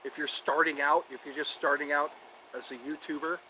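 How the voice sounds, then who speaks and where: A man's voice: a little high, little pitch movement, fairly quick, sharp tone, a little hiss or hum, poor audio. A man hosting a casual solo livestream from outdoors near his home, rambling and repeating himself as he thinks aloud. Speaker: livestream host.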